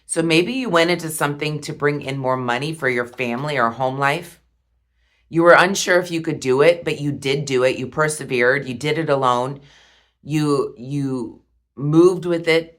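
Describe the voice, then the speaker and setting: Woman, deep voice, tarot reader, slow, gentle, heartfelt. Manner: slow, soft and heartfelt, with pauses. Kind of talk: tarot reading monologue.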